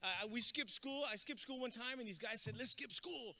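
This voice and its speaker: A man giving a comedic, energetic graduation speech as a motivational speaker, dropping in Spanish words. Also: very high voice, brisk. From Texas. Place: outdoor graduation ceremony with stands.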